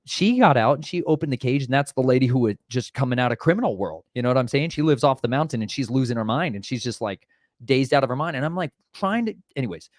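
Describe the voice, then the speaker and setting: A vlogger with a Southern American accent tells a storm story about preparedness in casual chat, speaking quickly at medium pitch. He's lively, acting out his own and others' voices in retold dialogue, and preachy, mixing religious exhortation into the talk. The studio-quality audio has no room sound.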